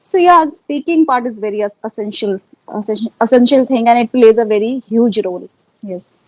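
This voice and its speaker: A woman's voice: a little high, fairly quick, low-quality recording. A woman with an Indian accent, talking earnestly in a casual interview, often repeating herself and using fillers. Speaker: interviewee, English learner. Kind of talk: casual conversation.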